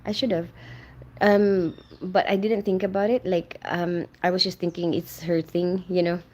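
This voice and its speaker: A woman's voice: lowish voice, flat delivery, moderate pace, darkish tone. Friendly woman livestreaming, reads out chat comments, says um and like a lot. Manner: chatty and friendly, greets viewers by name, many fillers. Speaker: livestream host. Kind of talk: casual live chat, reading viewer comments aloud.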